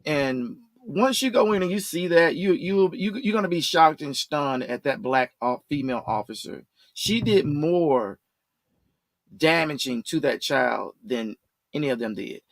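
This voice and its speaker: A man co-hosting a casual talk show, his voice sitting fairly high for a man. The sound is dry and close with almost no room around it. He retells stories at length and acts out the lines people said. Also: expressive, unhurried, creaky, no echo. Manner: retells stories at length, acting out quoted dialogue. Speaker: co-host. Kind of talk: casual podcast chat.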